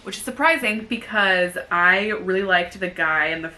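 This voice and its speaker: A young woman co-hosting a casual book review chat, rambling with lots of fillers and getting animated as she rants. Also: mid-range voice, moderate pace. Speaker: co-host.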